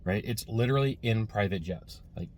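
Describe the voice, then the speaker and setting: A man's voice: fairly low pitch, animated, fairly quick, darkish tone, slight background noise. A man giving a casual, rambling sales lesson with many fillers and restarts, recorded while sitting in a car. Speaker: sales trainer.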